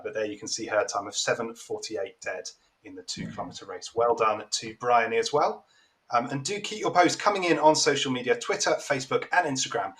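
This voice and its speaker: Brief: male live-stream presenter, mid-pitched, upbeat, reading out viewer posts. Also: a bit bright. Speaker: social media presenter. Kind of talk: live event broadcast presenting.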